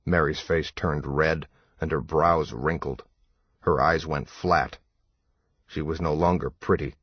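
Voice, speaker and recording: A man narrates an audiobook in a measured, even manner. His voice sits very low, husky and unhurried. The recording is dry, dull and a little lo-fi. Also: dry recording. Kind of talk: scripted narration.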